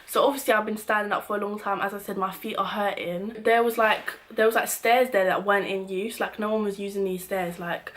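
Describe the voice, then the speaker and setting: Young British woman, storytime vlogger, lively slangy retelling, acts out the shouts, mid-pitched. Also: a little fast, hardly any pauses. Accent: British English. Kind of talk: storytime vlog.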